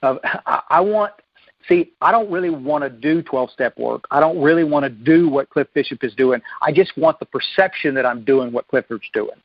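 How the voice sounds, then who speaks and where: A man telling his recovery story at a meeting, folksy and self-deprecating, often halting and restarting his sentences. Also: fairly high pitch, no echo. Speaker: recovery speaker. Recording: dull lo-fi dry recording.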